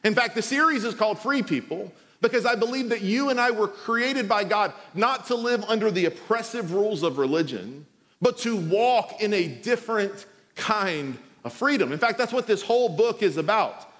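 A man's voice: high voice, animated, moderate pace, fairly bright tone, big-room sound. A man preaching a sermon as pastor, talking in a conversational way and telling stories with humor.

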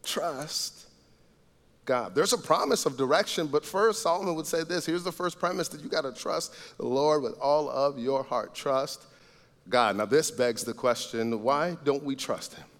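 A man preaching a sermon as pastor, earnest, rising to loud emphatic lines and dropping to soft low asides. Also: moderate pace, in a large hall. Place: church sanctuary.

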